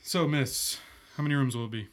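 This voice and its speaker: A man's voice: mid-range voice, a little fast, close to an everyday voice. A man playing a curt stern hotel boss. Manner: curt, flat, businesslike. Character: slick stern male hotel businessman, unyielding.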